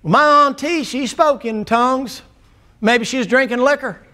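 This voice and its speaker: This man preaches in a rather high voice, working a church crowd with homespun, joking stories. His delivery stays conversational, like he is talking to neighbors from the pulpit. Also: measured pace, sharp tone. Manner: folksy storytelling with humor. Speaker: pastor. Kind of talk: sermon. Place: church sanctuary before a congregation. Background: congregation answering amen.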